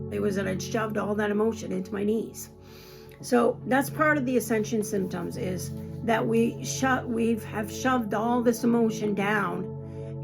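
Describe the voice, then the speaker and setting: A woman's voice: medium pitch, gravelly. A woman in her sixties giving an earnest, reassuring spiritual talk, often repeating herself. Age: 60s. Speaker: spiritual teacher. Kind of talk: casual spoken talk. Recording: music playing behind her.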